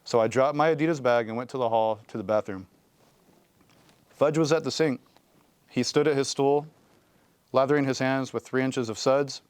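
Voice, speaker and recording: A man reading a children's novel aloud in an expressive storytelling way, close to the mic. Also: mid-range voice, moderate pace, long pauses, smooth, dry recording. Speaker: guest reader.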